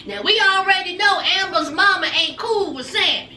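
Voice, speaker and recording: Sassy high-voiced woman recapping TV. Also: normal speed, recorded from a distance. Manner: sassy, gossipy, animated. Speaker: recap vlogger. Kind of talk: reality TV recap commentary. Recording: echoey room, off-mic, faint noise.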